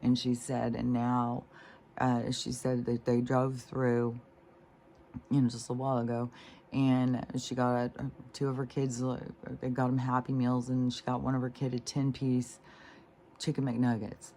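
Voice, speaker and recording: A vlogger with a middling, monotone voice delivers a casual, unhurried monologue that meanders between thoughts, full of fillers, restarts, and trailing off. The mood is indignant and disgusted, with loose swearing, and at times the voice drops to a soft near-whisper. A faint hum of ambient noise runs underneath.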